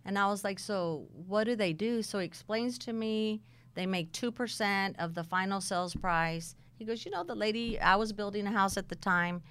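A middle-aged woman casually telling her career story, blunt and animated, acting out the dialogue. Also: medium pitch, moderate pace, clean tone.

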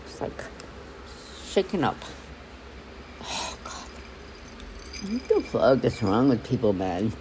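Man, gravelly voice, slow rambling, swearing, swings from mutters to outbursts, noisy background. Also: medium pitch. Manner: rambling, swears a lot, shifts between hushed mutters and angry outbursts. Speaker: vlogger. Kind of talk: casual venting monologue.

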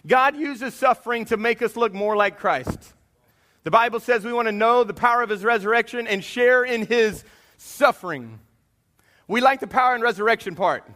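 Guy preaching, high voice, gets loud then goes real quiet. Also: moderate pace. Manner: animated preaching, drops to a quiet hush for confessions. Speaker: pastor. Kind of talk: sermon.

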